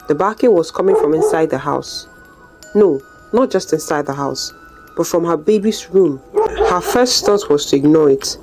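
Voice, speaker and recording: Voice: mid-range voice, rough recording. A storyteller narrating a scripted folktale in a dramatic, suspenseful way.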